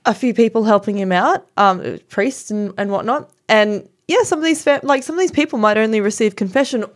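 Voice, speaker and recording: A woman's voice: on the high side, fairly quick. A woman co-hosting a casual chat, sounding enthusiastic but hesitant, with frequent ums. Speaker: podcast co-host.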